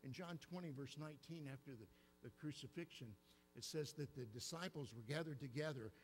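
A middle-aged man with an Oklahoma accent, preaching a sermon in church, telling stories in an animated way. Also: medium pitch, a little hiss or hum, rough recording. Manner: storytelling, animated, acts out childhood fear. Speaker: pastor. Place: church sanctuary.

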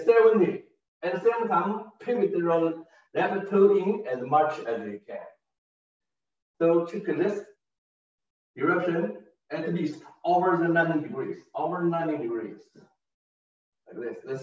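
Slow-counting tai chi teacher, man. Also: on the high side. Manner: counts beats aloud, short broken phrases. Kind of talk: step-by-step movement instruction. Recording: distant roomy lo-fi recording.

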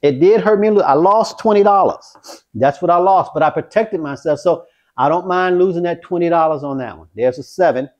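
A man vlogging his craps practice, talking viewers through each throw with excitement. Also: on the high side, moderate pace, dull audio. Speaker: dice-control craps vlogger. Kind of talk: casual play-by-play while throwing dice.

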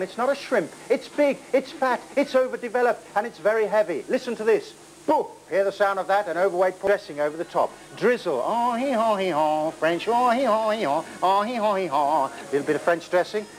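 A theatrical man hosts a spoof cooking show and hams up every step. He yelps in high squeaks now and then, and faint music plays underneath. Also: low-quality recording. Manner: hammy and theatrical, with sudden squeaky exclamations. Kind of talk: comic cooking demonstration.

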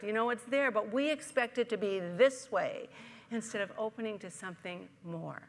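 Woman minister, conversational sermon, gravelly tone, long reverb of a church hall. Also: medium pitch, measured pace, slight background noise. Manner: warm storytelling, conversational, asks the congregation questions. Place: church sanctuary.

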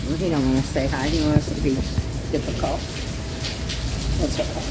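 A woman's voice: deep voice, steady tone, moderate pace. A woman chatting casually to camera at home, frank and folksy, swearing freely. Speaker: vlogger. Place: home, porch and pool area in rain. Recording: rain noise clearly behind.

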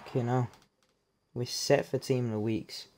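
A man commentates his own pack openings at a middling pitch, cursing freely between picks. He jumps from muttered grumbling to loud excited cheering. His talk is loose, unscripted gamer chatter. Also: normal speed. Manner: excitable, heavy swearing, bursts into loud cheers. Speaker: gamer opening card packs. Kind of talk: live reaction commentary.

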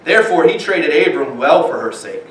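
A man's voice: a little high, sing-song, normal speed, a little hiss or hum. A man, father of young children, preaching a sermon with animation and acting out the voices of people in the stories. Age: young adult or middle-aged, father of young children. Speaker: pastor. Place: church sanctuary. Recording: echoey church room from far off.

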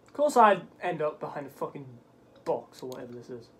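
A man commentating a golf video game, swearing often and yelping at bad bounces, his voice cracking into high squeaks. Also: big pitch swings, fairly quick. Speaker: gaming channel host. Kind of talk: let's play commentary.

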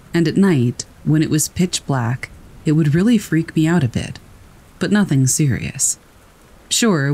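A man reading scary first-person stories aloud in a calm, steady storytelling voice. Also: on the high side. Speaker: narrator. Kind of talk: scripted narration of scary stories. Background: rain.

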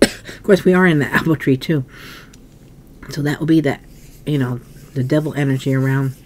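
A woman giving a casual tarot reading, musing aloud as she turns cards, often coughing and clearing her throat. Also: extremely low pitch, normal speed, a little mellow, slight background noise. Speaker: tarot reader.

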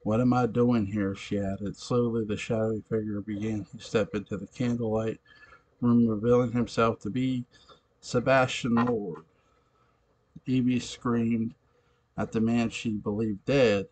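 Slow, halting male story reader. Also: lowish voice, little pitch movement, darkish tone, breathy edge. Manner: slow, halting reading with self-corrections. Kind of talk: reading a fan story aloud.

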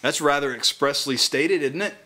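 At a small house church gathering, a man with a bright, fairly high voice preaches. He reads scripture slowly and deliberately, then explains its meaning in a relaxed, conversational manner.

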